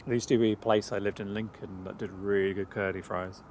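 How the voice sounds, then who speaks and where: A man's voice: on the low side, little pitch movement, fairly quick, darkish tone, a little hiss or hum. Easygoing man rambling on a live stream. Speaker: plane spotting livestream co-host. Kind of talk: casual chat on a live stream. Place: outdoors at an airport.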